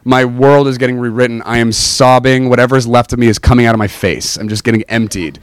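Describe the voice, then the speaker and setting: A man preaching a personal testimony, telling his story earnestly and emotionally with big swings in pitch. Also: steady tone, fast, smooth, no echo, studio quality.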